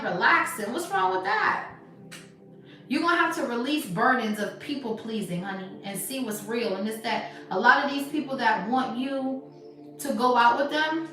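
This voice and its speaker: A woman doing a live tarot reading in casual, slangy chat, talking emphatically and sometimes dropping to a soft hush. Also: fairly high pitch. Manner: animated, emphatic, swings to soft hushed stretches. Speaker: tarot reader. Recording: echoey room, voice distant from mic, music behind. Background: background music.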